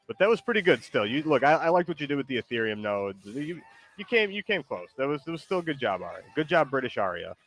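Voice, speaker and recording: A man's voice: mid-range voice, sing-song, fast talker, a bit bright, soft background music. A man streaming a game and chatting casually, rambling with lots of likes and false starts. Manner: rambling, full of likes and restarts. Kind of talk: casual chat while gaming.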